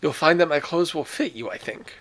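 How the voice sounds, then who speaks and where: A man reading a short story aloud, voicing a courtly, menacing aristocratic old general with a polished, deliberate manner and a slightly raised voice. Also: fairly high pitch, a bit bright, pitched above the performer's own voice, lightly acted. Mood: smooth. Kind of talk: read-aloud character voice.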